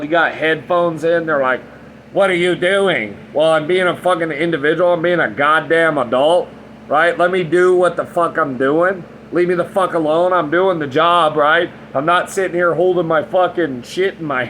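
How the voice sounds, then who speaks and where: A man's voice: a little high, a bit bright, a little hiss or hum, rough recording. A man in his thirties talking bluntly and frankly in a casual monologue, rambling and swearing a lot. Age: 30s. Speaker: vlogger.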